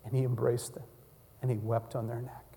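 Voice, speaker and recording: A male pastor preaching a sermon and communion prayer, swinging from loud cries down to hushed near-whispers. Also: medium pitch, flat delivery, a little fast, long reverb tail.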